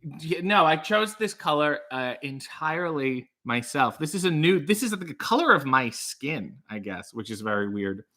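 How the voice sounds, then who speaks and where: Male livestream host: bright, slightly high voice, rambling and self-deprecating comedic chat. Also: sing-song, moderate pace. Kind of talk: casual chat reading viewer comments.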